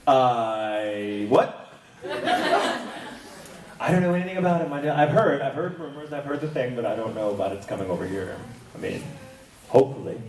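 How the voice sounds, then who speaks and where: A man's voice: mid-range voice, big pitch swings, moderate pace, long pauses. A man guesting on a convention panel, answering fan questions playfully and laughing often. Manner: playful, laughs often, slips into silly voices. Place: large convention panel room. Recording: echoey hall, distant, loud crowd noise.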